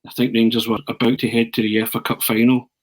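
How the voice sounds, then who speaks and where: A man telling a long, animated anecdote on a podcast. He restarts often and drops in "eh" between phrases. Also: mid-range voice, fast, low-quality recording. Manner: animated storyteller, frequent restarts and "eh". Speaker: podcast pundit.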